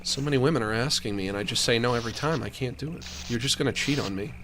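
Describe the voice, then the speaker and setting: A man's voice: medium pitch, very fast, noisy background. A man streaming a game, rambling through jokey asides as he plays. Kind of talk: casual gaming commentary.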